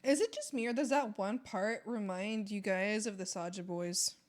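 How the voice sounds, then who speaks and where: A woman's voice: mid-range voice, lively intonation, moderate pace. A woman streamer chatting casually with her viewers while she draws, giggling and playful, often rambling and restarting. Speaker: art streamer.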